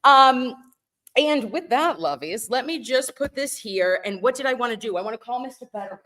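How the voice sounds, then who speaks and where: A woman's voice: on the high side, expressive, normal speed, a bit bright. A woman hosting a casual livestream, gushing and laughing often, calling her viewers lovies. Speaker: livestream host. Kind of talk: casual chat.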